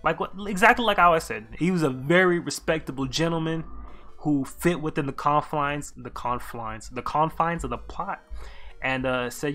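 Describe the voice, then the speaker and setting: A male streamer telling a story in an excitable, slangy, profane rant. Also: fairly high pitch, moderate pace, soft background music. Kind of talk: animated storytelling commentary.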